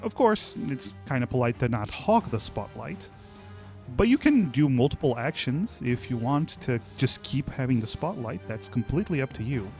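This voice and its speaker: A man narrating as game master in a relaxed, chatty way. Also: mid-range voice, moderate pace, soft background music. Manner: relaxed, chatty, many fillers and restarts.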